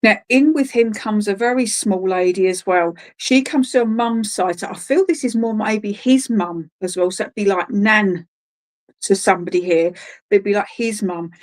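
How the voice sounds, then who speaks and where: Brief: woman, medium at an online spiritualist service, mid-pitched, gentle, halting and searching, calls people darling. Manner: hesitant and searching, full of ums and restarts. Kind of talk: live clairvoyant readings at an online church service.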